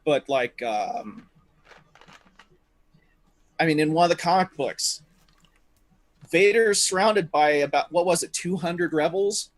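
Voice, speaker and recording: A man co-hosts a gaming livestream in a casual chat. He rambles along, with many fillers. His speaking voice sits fairly high. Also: lively intonation, slow pace, pauses often, no room sound. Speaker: co-host.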